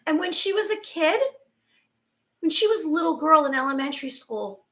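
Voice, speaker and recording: A woman's voice: high-pitched, expressive, moderate pace, fairly bright tone. A woman in her forties hosting a spiritual talk, speaking in a casual, rambling way, with restarts and quoted asides. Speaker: spiritual channel host. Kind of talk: casual monologue.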